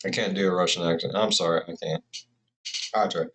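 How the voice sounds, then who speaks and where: A man's voice: sits low, fairly even intonation, a little fast, fairly bright tone. A man giving rambling, profane, casual commentary as a reaction video host.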